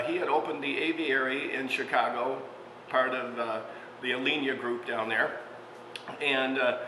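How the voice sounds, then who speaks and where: A man's voice: medium pitch, sharp tone. A man hosting a casual cooking show as a restaurant chef, chatting and telling stories with lots of fillers and little chuckles. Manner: chatty storyteller, frequent fillers, chuckles mid-sentence. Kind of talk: casual cooking demonstration with anecdotes. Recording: echoey room with long reverb, faint background hum.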